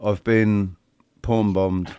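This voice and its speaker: A man's voice: on the low side, level tone, very slow, warm tone, clean tone, no echo. A man hosting a livestream panel in casual chat, rambling and restarting his sentences and swearing freely.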